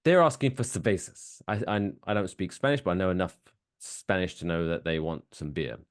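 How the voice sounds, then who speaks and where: A man's voice: low-pitched, a little fast. A man co-hosting a casual podcast, telling stories with lots of energy and acting out other people's lines. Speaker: podcast co-host.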